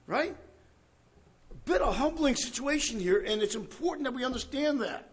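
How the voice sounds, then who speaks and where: A man preaching a conversational Bible study, animated and chuckling, often checking in with the listeners. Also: very high-pitched, normal speed. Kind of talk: conversational sermon.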